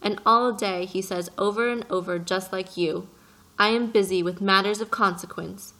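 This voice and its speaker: A woman's voice: mid-range voice, steady tone, moderate pace, sharp tone. A woman voicing an earnest little boy prince who presses his questions with passion in an audiobook reading. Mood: indignant. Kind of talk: audiobook character voice.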